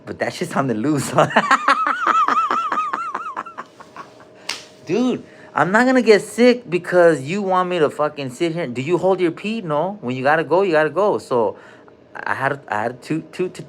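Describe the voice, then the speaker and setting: A man's voice: fairly high pitch, lively intonation, normal speed. A man rambling loosely on a live stream from a hospital room, cursing and dropping slang as he jumps between topics.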